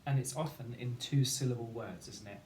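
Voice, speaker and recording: A man's voice: mid-range voice, fairly quick, a little mellow. A man teaching a phonics lesson, patiently sounding out letters and words. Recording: echoey room, faint background noise.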